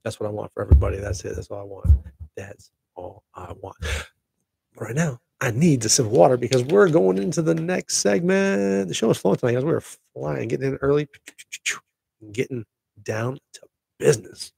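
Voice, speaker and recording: A middle-aged man hosting a casual solo show, chatting in an excitable, rambling way with laughing asides. His voice is gravelly and a little husky, at an ordinary middle pitch. The sound is dry and close. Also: a little fast, no echo. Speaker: podcast host.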